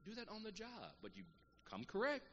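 A middle-aged man preaching a sermon, calling out to the congregation and swinging between loud exhortation and quiet, earnest asides. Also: sits high, wildly swooping pitch, normal speed, dull audio. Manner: call-and-response preaching, calls out "Amen" and "saints". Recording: long reverb of a large hall, faint room noise.

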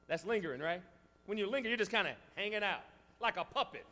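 A male pastor delivers a sermon in a fairly high voice. He builds to shouted climaxes, then drops to quiet, confiding asides. The voice rings out with the long reverb of a large hall. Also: animated, fast talker. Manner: preaching with rising shouts and sudden quiet asides.

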